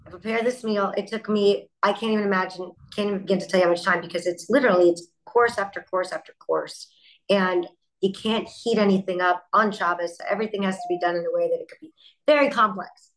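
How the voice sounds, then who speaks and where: A middle-aged woman, a company founder, speaking as a guest in an interview and telling stories in an animated way with quick asides. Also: mid-range voice, poor audio. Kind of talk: interview conversation.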